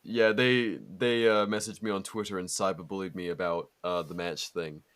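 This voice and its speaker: A man's voice: deep voice, fairly even intonation, moderate pace, fairly bright tone. Laid-back swearing man chatting. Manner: laid-back, swears a lot, frequent fillers and laughs. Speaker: podcast co-host. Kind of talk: casual chat.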